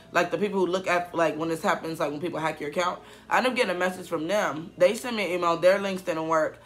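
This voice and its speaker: A man's voice: sits high, sharp tone. A man in his twenties, a YouTuber, telling a rambling, upset story in a casual vlog, full of fillers and restarts. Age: 20s. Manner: upset, emotional.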